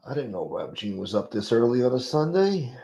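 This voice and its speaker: A man's voice: medium pitch, big pitch swings, fairly quick, creaky, dark tone. Profane joking livestream host, man. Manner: profane, joking, greets chatters by name. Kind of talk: casual livestream chat.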